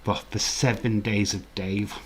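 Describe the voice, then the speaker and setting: His voice is on the low side, flat and a little slow, and there's a little hiss or hum. He's a man hosting a casual live stream, reading the chat with rambling talk, chuckles, and chatty asides.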